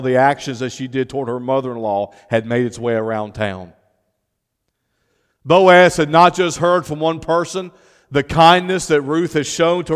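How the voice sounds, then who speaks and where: A pastor with a slightly high, clear and resonant voice preaches, his words trailing off into a long reverb tail. He leans on drawn-out, emphatic phrases for key words and also shifts into informal talk with his congregation.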